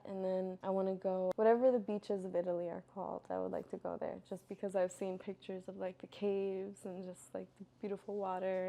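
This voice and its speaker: Young woman answering viewer qs, rambly and honest, lotta "like", gets loud n animated telling stories. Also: lowish voice, vocal fry. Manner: candid, rambling, lots of "like" and "you know". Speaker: vlogger answering viewer questions. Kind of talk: casual Q&A chat.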